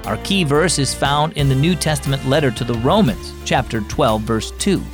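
A man's voice: mid-range voice, moderate pace, music in the background. A man hosting a children's devotional show, reading a story in a cheerful, upbeat scripted narration. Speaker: host.

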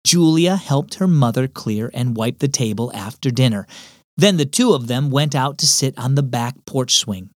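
A man's voice: mid-range voice, no room sound. A man hosting a children's devotional program, narrating a story in a friendly, encouraging way into a close studio mic. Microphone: studio mic, dry close sound.

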